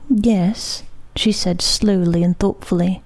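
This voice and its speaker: A woman reads a story aloud in a soft, hushed way, unhurried and slow. Her voice is dark and mellow with a gravelly edge. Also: medium pitch. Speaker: reader.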